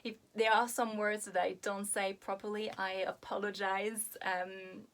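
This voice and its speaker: A middle-aged woman with a French accent, a hypnotherapist giving an earnest self-help talk, pausing often with fillers and restarts. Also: medium pitch, level tone, a bit bright.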